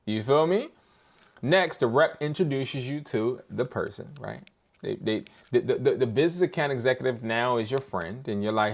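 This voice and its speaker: A young man hosts a casual livestream lesson in street slang, his pitch swinging widely as he talks. He plays out sales calls in a lower register and then breaks into loud, excited bursts. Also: normal speed, gravelly. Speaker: host of a live business workshop.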